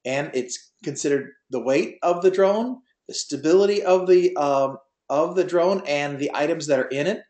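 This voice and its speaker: A man's voice: fairly high pitch, moderate pace, a little mellow, roomy sound. Folksy man lecturing with many fillers. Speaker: drone pilot test prep instructor. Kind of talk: online class lecture with a told joke. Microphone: video call.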